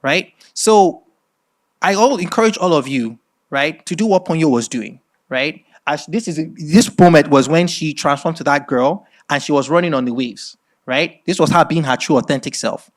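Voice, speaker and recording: A middle-aged man from Nigeria with a Nigerian accent, giving a masterclass lecture as animated storytelling and often checking in with "right?". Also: a little high, moderate pace. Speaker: speaker at a masterclass.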